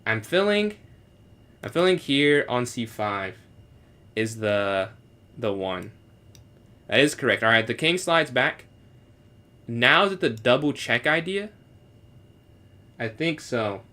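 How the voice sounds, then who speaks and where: Giovane uomo luminoso che commenta scacchi in diretta. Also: male voice, medium pitch, big pitch swings, bright, forceful tone. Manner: thinks aloud, answers chat questions, switches into halting beginner French. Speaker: chess streamer solving puzzles with chat. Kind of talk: casual live-stream commentary.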